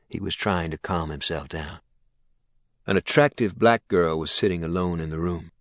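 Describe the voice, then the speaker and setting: A man narrating a crime novel in a measured, even reading. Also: low-pitched, no echo, clean studio sound. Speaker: audiobook narrator. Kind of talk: scripted narration.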